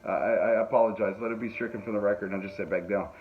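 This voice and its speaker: A podcast host with a fairly low voice rattles off a rambling funny story at rapid-fire speed, his intonation fairly even. He laughs a lot and mocks himself in asides. Faint noise runs under the thin, phone-like audio.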